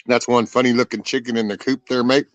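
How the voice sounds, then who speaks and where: Guy vlogging, swears a lot, jokes around, medium pitch, dry lo-fi sound. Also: level tone, fast, no echo. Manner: loose and joking, with frequent swearing. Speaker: vlog host. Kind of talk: casual chat while working outdoors. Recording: dull lo-fi sound with music.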